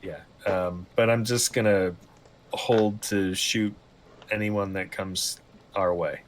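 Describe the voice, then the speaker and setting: Calm low-voiced man player. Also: takes it slowly, slight background noise. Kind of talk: casual tabletop play.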